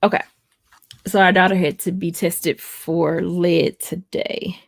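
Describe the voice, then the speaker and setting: A woman's voice: on the low side, flat delivery, takes it slowly, no room sound, clean studio sound. A young woman, chatting and telling a personal story to viewers on a live stream. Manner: storytelling, addresses viewers as y'all. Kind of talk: casual live chat.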